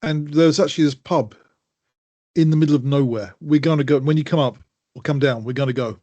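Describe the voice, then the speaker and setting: A man's voice: fairly high pitch, brisk, mellow, no echo, lo-fi sound. A man co-hosting a podcast in casual chat, teasing and enthusiastic. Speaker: podcast co-host.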